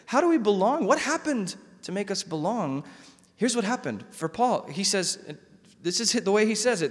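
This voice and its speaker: A male pastor preaching a sermon in a conversational, animated way, often repeating words. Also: high voice, moderate pace. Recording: long hall reverb.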